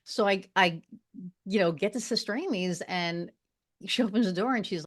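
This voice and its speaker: A lowish-voiced woman from Long Island, appearing as a podcast guest, shares a personal story in relaxed conversation, slipping in quick asides to check in.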